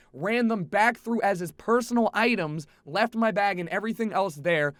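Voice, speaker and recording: High-voiced, animated young man ranting. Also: no echo. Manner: animated, profane, swings from exasperated shouting to low mutters. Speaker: streamer telling a travel story. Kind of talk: casual storytelling to camera. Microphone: headset.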